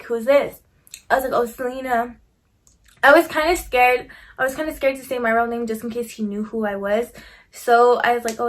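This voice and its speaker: A young woman telling a personal story in a casual, chatty way, full of "like" and swearing, acting out her own side of conversations. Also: on the high side. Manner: chatty, heavy use of "like", swearing, quoting herself.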